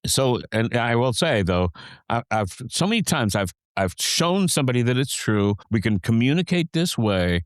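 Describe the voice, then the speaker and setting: A man's voice: medium pitch, big pitch swings, moderate pace, no room sound, clean studio sound. A man co-hosting a podcast, a teacher, chatting casually and rambling with lots of fillers and restarts. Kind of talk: casual chat.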